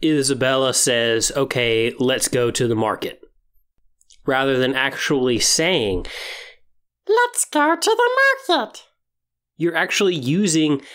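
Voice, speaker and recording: A podcast host lays out opinions in a measured, explanatory monologue. The pitch sits in a middling range, and the delivery reasons things out step by step. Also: fairly bright tone.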